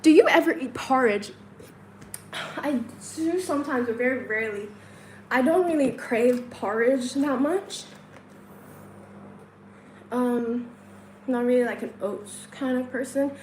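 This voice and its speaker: A woman's voice: high voice, a little slow, long pauses, a little hiss or hum, poor audio. A woman from China hosting a casual livestream from a hotel room, counting aloud, answering chat questions and laughing often. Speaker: livestream host. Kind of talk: casual live-stream chat.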